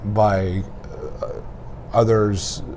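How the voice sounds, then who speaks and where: A man's voice: lowish voice, flat delivery, drawn-out words, darkish tone, a little hiss or hum. A man hosting a conversational interview, casual and encouraging, with a joke now and then. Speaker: talk show host.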